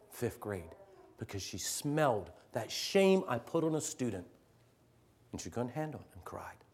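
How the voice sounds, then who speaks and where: A middle-aged man, a teacher addressing fellow teachers, telling a story earnestly, swinging from loud emphasis to hushed near-whispers. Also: mid-range voice, slight background noise. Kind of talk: storytelling talk to an audience.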